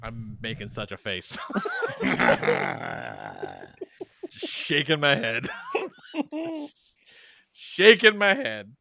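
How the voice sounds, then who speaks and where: A man co-hosting a casual comedy podcast, telling profane, animated stories and acting out his son's voice. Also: fairly high pitch, extremely slow, long pauses, slight background noise. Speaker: podcast co-host.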